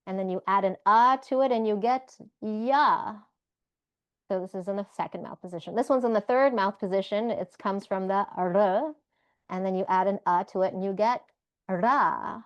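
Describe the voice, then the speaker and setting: A woman's voice: mid-range voice, no echo, highs cut off. A woman leading an online language class, patiently demonstrating pronunciation sound by sound. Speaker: Sanskrit class leader. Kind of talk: online group lesson. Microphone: video call.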